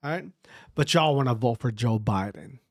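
A man's voice: medium pitch, moderate pace, no room sound, clean studio sound. A man hosting his own podcast, speaking in an emphatic, repetitive and profane rant. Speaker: podcast host.

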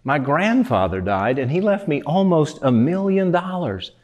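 A man's voice: fairly high pitch, sing-song, unhurried, a little mellow. A man putting on a whiny, down-in-the-mouth guy. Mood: glum. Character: grown man, glum then whiny over inheritances.

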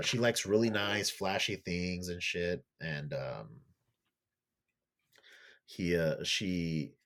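A man's voice: low voice, vocal fry. A man on a podcast casually retelling a show's plot, swearing freely and raising his voice to act out characters' lines. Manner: loose, profane storytelling; acts out characters' lines in a raised voice. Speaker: podcast co-host.

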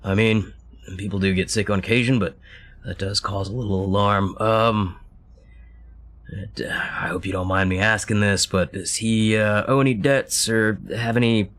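A man's voice: lowish voice, steady tone, normal speed, a bit bright. A man playing an investigator in a tabletop game, easygoing and hesitant with many fillers. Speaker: player. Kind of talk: casual tabletop play.

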